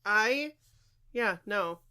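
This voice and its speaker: A woman's voice: mid-range voice, animated, very slow, pushed and bright, clear, resonant tone. A woman in her thirties co-hosting a podcast, chatting playfully and wandering into tangents. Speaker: podcast co-host. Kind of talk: casual chat.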